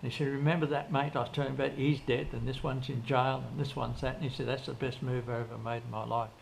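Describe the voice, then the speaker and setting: This older man's gravelly, medium-pitched voice stays level while he talks quickly, rambling through stories as an interview guest with frequent restarts and quoted lines. Faint background noise runs beneath this casual storytelling.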